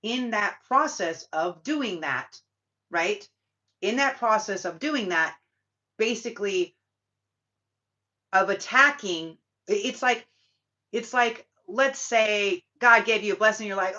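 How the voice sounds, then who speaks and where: A woman with a sharp, bright voice delivers a spiritual talk in a loose, rambling way. She swears freely and leans on fillers as she circles her point. The recording is dull and lo-fi. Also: fairly high pitch, unhurried. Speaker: spiritual reader and channel host. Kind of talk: casual spiritual monologue. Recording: dull lo-fi sound.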